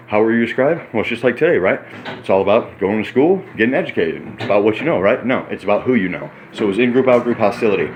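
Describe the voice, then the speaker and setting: Guy in his 30s rambling fast and excited, lowish voice, vlog from a hotel room. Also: slight background noise. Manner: excitable, rambling, talks while eating. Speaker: vlogger. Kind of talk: rambling casual monologue.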